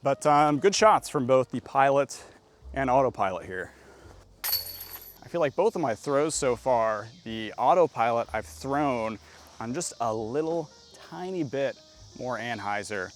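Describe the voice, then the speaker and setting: A man giving casual, chatty play-by-play of his own throws on a disc golf course outdoors, getting excitable on good shots. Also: mid-range voice, unhurried, slight background noise.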